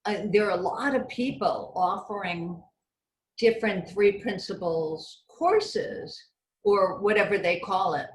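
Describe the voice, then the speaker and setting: A woman's voice: mid-range voice, a little slow, reverberant, a little hiss or hum, poor audio. A woman hosting an online course group, talking in a friendly, encouraging, chatty way. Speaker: course host.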